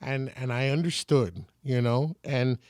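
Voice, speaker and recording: A man's voice: mid-range voice, steady tone, unhurried, darkish tone, no echo, clean studio sound. A man in his forties from San Antonio, a radio personality telling stories as a podcast guest and acting out other people's lines. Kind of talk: casual storytelling.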